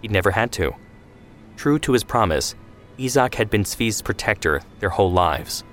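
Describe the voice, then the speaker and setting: A man's voice: lowish voice, animated, moderate pace, fairly bright tone, soft background music. Man narrating a history story. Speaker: storyteller and host. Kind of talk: scripted narration.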